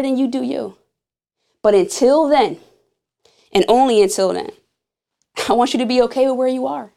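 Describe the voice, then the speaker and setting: A woman hosting a podcast, giving an intimate, earnest spoken sermon on grief, slow and emphatic as she speaks straight to her listeners. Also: a little high, a little mellow. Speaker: podcast host.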